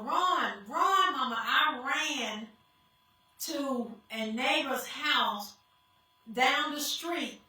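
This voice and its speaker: A woman's voice: high voice, bright, forceful tone. A woman giving an emotional personal testimony to a congregation, speaking tearfully and calling out to the crowd as y'all. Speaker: guest speaker sharing testimony. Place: church sanctuary. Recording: echoey hall, voice from far off.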